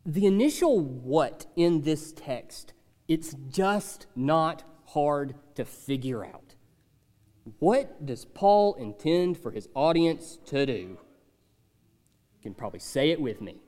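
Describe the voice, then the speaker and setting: A man's voice: on the high side, big pitch swings, unhurried, mellow, in a large hall. A man preaching a conversational sermon, emphatic and repeating key phrases. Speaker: pastor.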